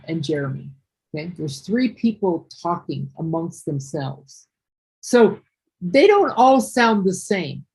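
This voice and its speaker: A woman with a medium-pitched, husky voice gives a one-on-one online ESL lesson. She's patient, explaining slowly, repeating herself and restarting as she goes back over her words. The recording is low quality.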